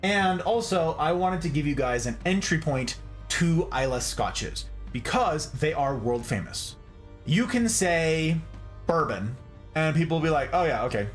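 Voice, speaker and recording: A man talks through whiskey basics on a casual stream. His voice sits fairly high and swings up and down with a lot of life, and he keeps checking in with his listeners. Faint music plays underneath. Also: unhurried. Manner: animated, chatty, repeats "okay?" and "like". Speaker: streamer hosting a whiskey talk. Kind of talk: casual livestream explainer.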